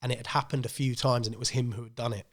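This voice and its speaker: A man, co-hosting a podcast and telling a story in a casual, animated way. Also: medium pitch, racing. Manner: animated storyteller acting out quoted voices. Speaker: podcast co-host.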